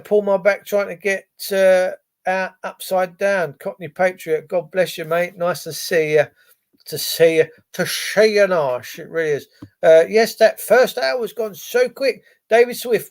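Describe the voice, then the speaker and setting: A man ranting on a live stream, his voice sitting high and full of gravel. He swears freely and drifts between sarcastic asides and answers to viewers. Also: fairly even intonation, normal speed. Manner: profane, sarcastic, wandering. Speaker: live-stream host reading chat. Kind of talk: casual ranting commentary.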